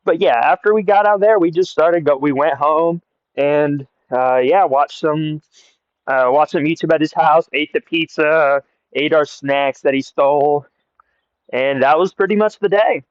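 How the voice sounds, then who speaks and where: Speaking into earbuds outdoors, this young man from the United States tells a meandering, laugh-filled story in vlogger style. His pitch is fairly high and his pace measured. The sound is dry and muffled, typical of a lo-fi earbud mic.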